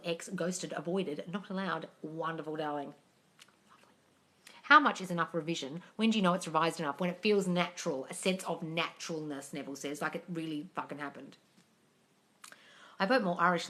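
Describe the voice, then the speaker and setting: A woman hosts a livestream Q&A, reading viewer questions aloud and answering in a blunt, profane way. Her voice sits on the low side for a woman but has a bright, forceful edge. She keeps calling her listeners darling. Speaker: manifesting coach.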